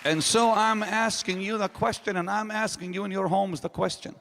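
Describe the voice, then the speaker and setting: A man preaching a sermon to a congregation, emphatic, swinging from loud rising questions to low quiet statements. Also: fairly even intonation, normal speed, long reverb tail, some chatter behind, a little hiss or hum. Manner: emphatic preaching with sudden rises and drops. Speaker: pastor. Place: large hall.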